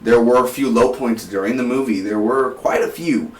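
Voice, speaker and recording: A man's voice: mid-range voice, normal speed, far from the mic. Teen man, casual rambling reviewer; roomy, off-mic recording. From South Texas. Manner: energetic, rambling, frequent restarts. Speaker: movie reviewer. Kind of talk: casual movie review vlog. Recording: roomy, voice set back from the mic.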